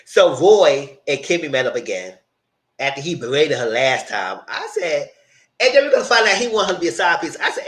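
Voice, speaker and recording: A man with a high, swooping voice that jumps all over its range recaps reality TV live. He is blunt and profane and laughs often as he talks. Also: sing-song, fairly quick, fairly bright tone. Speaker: channel host reviewing reality TV. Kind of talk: casual live recap commentary.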